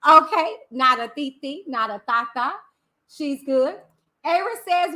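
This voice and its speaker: A livestream host, animated and high-pitched with a bright tone, keeps up a casual chat and lingers fondly over greetings to viewers by name. Audio comes from a computer mic running through her stream software.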